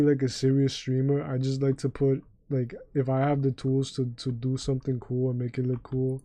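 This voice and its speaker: A man's voice: medium pitch, dark tone, dry recording. A young man streaming a game live, chatting in a laid-back, rambling way with frequent swearing and restarts. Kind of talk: casual livestream chat.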